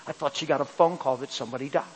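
A man preaching a sermon, telling an emotional personal story and building to loud, fervent passages. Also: mid-range voice, racing, slight background noise, low-quality recording.

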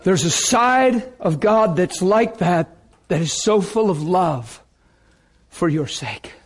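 A man preaching a sermon with fervent, emotional delivery that swings from loud outbursts to hushed intensity. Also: high voice, expressive, slow pace, slightly rough.

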